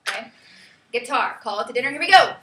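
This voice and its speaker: A woman teaching a class, leading students with lively, sing-song calls. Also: on the high side, fast talker, heavy background noise. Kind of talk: classroom lesson. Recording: echoey classroom from far off.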